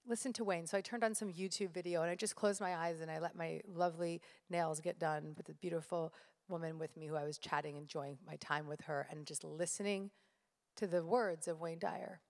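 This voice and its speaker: A woman's voice: low voice, fairly even intonation, a little fast, darkish tone. A woman speaking live to an audience, telling stories with energy and addressing the crowd directly. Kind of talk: motivational live talk. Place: stage in a large hall. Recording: live hall with reverb.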